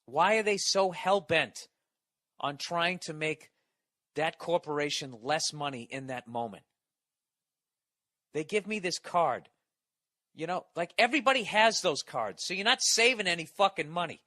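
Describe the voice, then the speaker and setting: A man's voice: a little high, expressive, a little slow, long pauses, pushed and bright, no room sound. A man delivering a profane, exasperated comedy rant as a podcast host, often stammering through restarts. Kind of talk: ranting comedy monologue.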